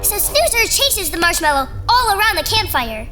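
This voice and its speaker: A performer voicing an excitable, childlike puppet character who narrates a children's show with eager, shouty bursts. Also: very high voice, moderate pace. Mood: storytelling. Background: background music.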